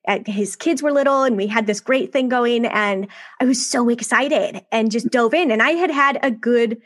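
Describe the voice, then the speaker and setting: A woman in her thirties telling her own story as a podcast guest, candid and emotional, often laughing between quick bursts of talk. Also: a little high, a bit bright.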